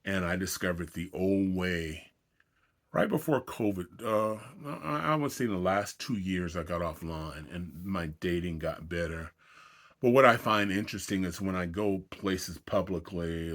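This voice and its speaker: A man's voice: low voice, fairly bright tone. Wry middle-aged man telling a story. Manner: wry, self-deprecating, conversational. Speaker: vlogger telling his dating stories. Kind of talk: casual storytelling to camera.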